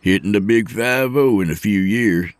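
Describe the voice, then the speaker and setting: A man's voice: fairly low pitch, normal speed, no room sound, voice pushed up, close to an everyday voice. A man voicing a wisecracking trucker close to fifty, who teases with sarcasm. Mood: joking. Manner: sarcastic, teasing. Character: wisecracking middle-aged male trucker, nearly fifty.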